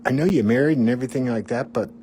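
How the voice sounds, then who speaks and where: A man voicing a female tarot card reader as he retells a personal story. She speaks gently but firmly. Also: medium pitch, racing, a little hiss or hum, close to an everyday voice. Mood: insistent.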